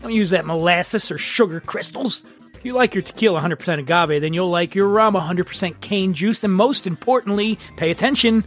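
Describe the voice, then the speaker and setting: A man's voice: high voice, brisk, faint music behind. A man hosting a podcast and reading sponsor ads in a jokey, rambling, self-mocking way. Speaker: podcast host. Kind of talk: casual ad read.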